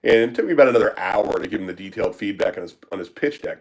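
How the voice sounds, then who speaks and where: A man's voice: fairly low pitch, animated, rapid-fire, rough recording. A man who works as a startup business consultant, answering questions in a casual live Q&A, blunt and profane with lots of filler words.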